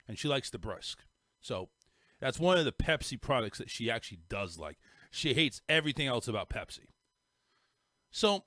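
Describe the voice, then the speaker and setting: A middle-aged podcast host with a Northern US accent rambles through a story in casual chat, repeating words and restarting sentences again and again. His mid-range voice is a bit bright, recorded in studio quality with no echo.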